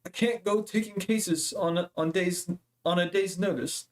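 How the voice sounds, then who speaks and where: A man's voice: high voice, moderate pace, a little hiss or hum, pitched above the performer's own voice, natural voice. A man voicing a pompous older male lawyer who talks down to the young man he speaks to. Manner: self-important, talks down, calls others boy and son.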